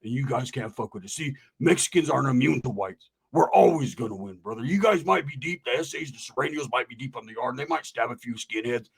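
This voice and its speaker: Man putting on a scrawny white tweaker, drawling, goading, deeper and quieter than the narrator, calls everyone brother. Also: expressive, fast talker, creaky, few pauses, husky. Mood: gloating. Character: skinny wiry white male tweaker, provoking.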